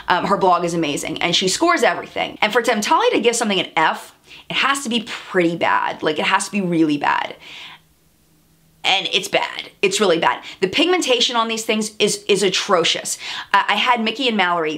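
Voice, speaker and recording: A woman's voice: on the low side, fairly bright tone. A woman vlogger giving a chatty, candid makeup review, stressing her points by repeating words. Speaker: beauty vlogger. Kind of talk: product review vlog.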